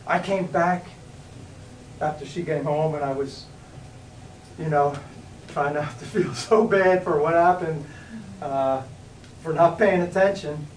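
A middle-aged man giving a rambling testimony at church, halting and restarting, rising into sudden outbursts when he calls on God. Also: on the high side, a little hiss or hum. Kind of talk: testimony sermon. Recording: echoey room, voice from a distance.

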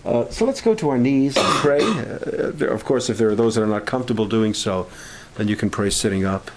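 A man leading a camp prayer meeting, speaking in an informal, halting sermon style with restarts and growing fervor. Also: fairly low pitch, noisy background.

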